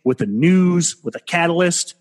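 A man's voice: on the high side, expressive, normal speed, darkish tone. A man co-hosting a podcast chat, explaining things in a coaching way, talking through headphones. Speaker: podcast co-host, trading coach. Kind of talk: casual chat. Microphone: headphones on a call.

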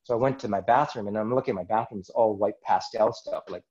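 A man's voice: on the low side, fast, a little mellow, muffled recording. A man, a podcast guest, earnestly telling a personal story in conversation and acting out his own inner dialogue.

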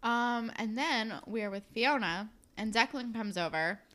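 A woman's voice: on the high side, a little slow, a bit bright. A young woman in casual chat, expressively ranting about a TV show with lots of "like". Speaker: podcast co-host recapping a show.

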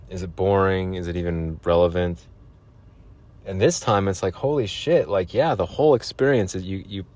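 Man, very deep voice, solo podcast host, sarcastic, rambling rant. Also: a little mellow. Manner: sarcastic, ranting, trails off.

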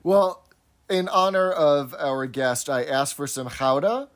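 A man's voice: on the high side, slow pace. A man co-hosting a podcast, chatting casually and recapping scenes. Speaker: podcast co-host. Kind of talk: casual chat.

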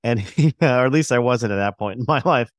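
A man hosts a podcast in an even, middle-pitched voice. He asks questions and tells anecdotes in a friendly, casual way. The sound is dry and close to the mic. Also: brisk, dry recording. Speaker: podcast host. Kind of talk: casual interview.

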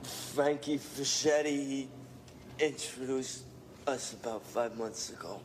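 An actor playing a scared wounded hostage who is crying, in a film clip. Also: male voice, medium pitch, slow pace, slight background noise, natural voice.

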